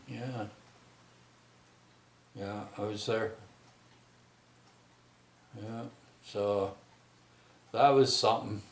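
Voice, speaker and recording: A middle-aged man, rambling through a personal story with many halting restarts and tag questions. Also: medium pitch, echoey room. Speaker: vlogger telling a personal story.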